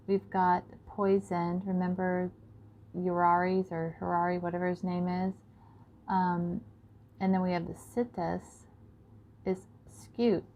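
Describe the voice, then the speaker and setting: A woman talking in a rambling monologue to her viewers, listing words and numbers one after another. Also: fairly low pitch. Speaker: video creator. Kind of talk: casual monologue. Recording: dull lo-fi sound, faint background noise.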